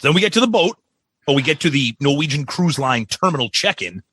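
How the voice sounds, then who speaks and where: A man co-hosting a podcast, recounting a trip with casual swearing. His voice is bright and crisp at a middle pitch. The recording is dry and close. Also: lively intonation, fairly quick, no room sound. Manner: casual, profane storytelling. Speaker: podcast co-host. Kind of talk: casual chat.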